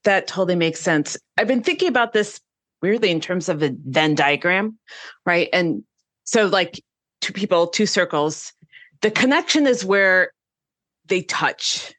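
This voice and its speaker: A woman speaks on a podcast panel with a lowish voice and big, assertive energy. She sounds confident and lively, as though she knows the answer. The sound is dry and close. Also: no room sound. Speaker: panel guest.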